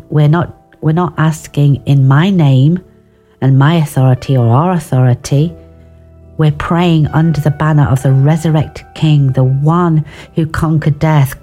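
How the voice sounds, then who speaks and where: A woman's voice: low voice, mellow. A woman giving an informal devotional talk on prayer, earnest and personal, with restarts and asides. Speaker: devotional speaker.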